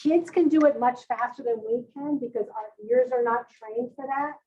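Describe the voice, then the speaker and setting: A woman's voice: on the high side, normal speed, mellow, highs cut off, slight background noise. A woman presenting a parent workshop on early reading, leading the audience through call-and-response sound drills.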